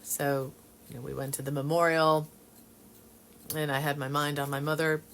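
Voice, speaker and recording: A woman sharing her personal Christian testimony in a halting way, with many fillers and restarts. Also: sits low, little pitch movement, a little hiss or hum.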